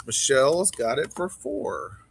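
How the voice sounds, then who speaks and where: Running a live online auction stream, this man keeps the chat casual while rapidly calling out bids and welcoming viewers by name. He speaks at a medium pitch with big swings, and his voice carries a creaky, breathy edge.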